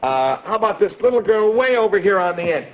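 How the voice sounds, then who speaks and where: A man's voice: sits high, very animated, fast, slight background noise. A man hosting a 1940s children's television show, hearty and coaxing as he calls out to the kids. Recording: dull old 1940s TV recording.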